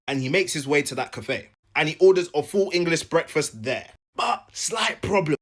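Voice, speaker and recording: A man telling a comic story with a lively, animated pitch. He keeps it jokey and acts out each side as he goes. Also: normal speed, hardly any pauses. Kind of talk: comedic storytelling.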